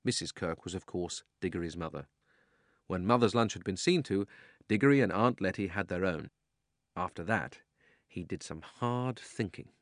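Low-voiced, expressive male storyteller. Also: no room sound. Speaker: narrator. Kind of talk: audiobook narration. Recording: dry close studio sound.

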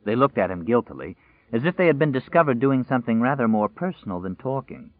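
A man narrating a novel in a measured, even storytelling voice. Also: mid-range voice, dry recording. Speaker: audiobook narrator. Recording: dry, tinny phone-like sound.

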